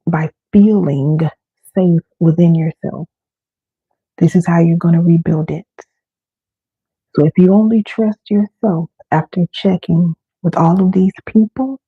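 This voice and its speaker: A woman hosting a live self-help session, talking slowly and soothingly as she guides breathing. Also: fairly low pitch, breathy edge, dry recording. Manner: slow, soothing, coaching. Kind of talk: live-streamed guided wellness talk. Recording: dry tinny phone-like sound.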